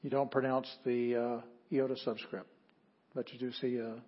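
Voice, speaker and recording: A man's voice: medium pitch, flat delivery, moderate pace, husky. A man teaching an introductory Greek class, explaining grammar and sounding out words one at a time. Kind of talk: classroom lecture. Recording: dull lo-fi audio.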